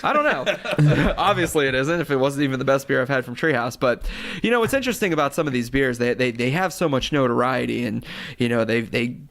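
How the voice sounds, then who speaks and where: Gravelly, lively man joking around. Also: mid-range voice. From Pittsburgh, USA. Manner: playful, joking, quick to laugh. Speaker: podcast co-host. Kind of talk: casual beer-tasting chat.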